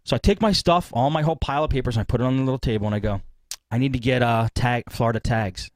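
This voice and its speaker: A man hosting a podcast, telling a long story in a rambling, animated way and acting out what people said. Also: mid-range voice, very fast, no echo. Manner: rambling, animated retelling with acted-out quotes. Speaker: podcast host. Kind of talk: casual storytelling.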